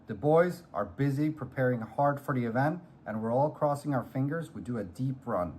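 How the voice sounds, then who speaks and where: A man's voice: medium pitch, expressive, moderate pace, a little mellow, husky. A man, an esports organization's CEO, delivering a short scripted thank-you message to fans. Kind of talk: recorded video message.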